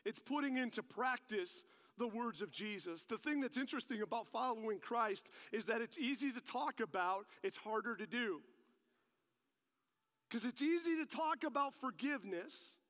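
A man's voice: very high-pitched, animated, moderate pace, a bit bright. A male pastor delivering a sermon that mixes teaching with personal stories, talking animatedly and pressing his points with rising emphasis. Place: church service. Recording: long reverb of a large hall.

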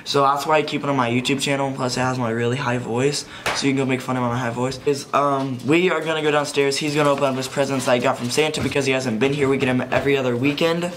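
Talking fast with few pauses, a teenage male vlogger chats to a handheld camera in a medium-pitched, fairly even voice, rambling and repeatedly saying "anyways" as he returns to his thoughts. He is partly outdoors in wind, and the background is noisy.

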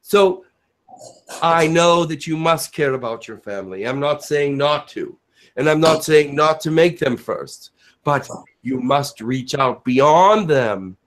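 A man channeling spirit Elijah, slow preaching. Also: on the high side. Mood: earnest. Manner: slow, preaching cadence with dramatic pauses. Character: Elijah, a male spirit giving a solemn message.

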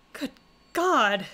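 A woman's voice: sits high, sharp tone. A woman streamer reading a visual novel aloud, with wry, chatty asides in between. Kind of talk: casual reading with commentary.

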